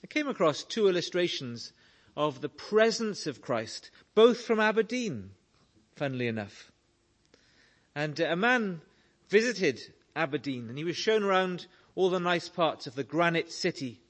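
Male preacher, sermon, slow deliberate delivery, slightly higher voice. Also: big pitch swings, a bit bright. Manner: slow, earnest preaching with storytelling.

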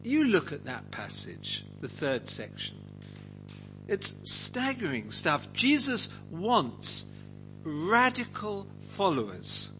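A man's voice: high-pitched, huge pitch swings, slow, over music, poor audio. A man teaching a Bible passage to a group, asking them questions and acting out quotes. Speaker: preacher leading a Bible study.

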